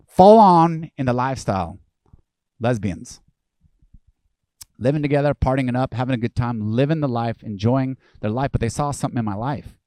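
A male pastor delivering a lively, conversational sermon, acting out the voices of people he quotes. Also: medium pitch, dry recording.

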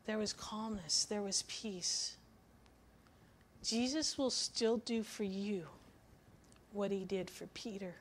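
A woman's voice: mid-range voice, slow pace, long pauses, slight background noise. A woman giving a weekly devotional sermon, teaching from the Bible in an earnest, emphatic way. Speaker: devotional speaker.

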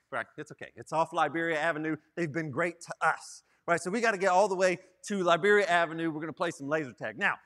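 A young student ministry director, his voice sitting high, tells a funny story during a sermon. He's animated and pokes fun at himself, often ending his lines with "right?"

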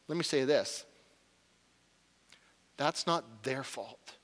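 Male pastor in his 40s, earnest sermon, fairly high voice, long hall reverb. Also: animated, moderate pace, pauses often, sharp tone. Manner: earnest, confessional, rising to urgent.

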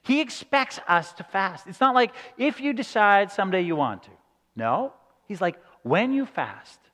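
A man with a high voice preaches a sermon in a loose, conversational way, acting out little quoted reactions as he goes. His voice rings with the long reverb of a large church hall. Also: very animated, unhurried, fairly bright tone. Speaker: pastor.

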